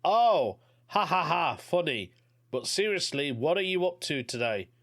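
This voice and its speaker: A man's voice: on the high side, lively intonation, brisk, a bit bright, pitched above the performer's own voice. A man voicing an eerie phone caller who mimics a southern wife, breezy and then irritated. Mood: mock amused.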